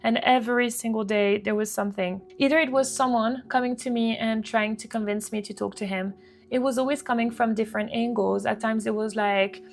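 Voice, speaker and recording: A woman speaks to camera about her own past, earnest and halting, repeating words as she goes. Her voice sits a little high with a gravelly edge. Soft guitar music plays faintly beneath her. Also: steady tone. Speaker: vlogger sharing personal story. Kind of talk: emotional personal storytelling to camera.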